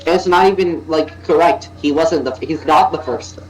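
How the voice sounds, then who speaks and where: A man's voice: fairly high pitch, moderate pace, poor audio. A young man sitting in on a casual video, cutting in with wry, teasing comments and nitpicks. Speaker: guest co-host.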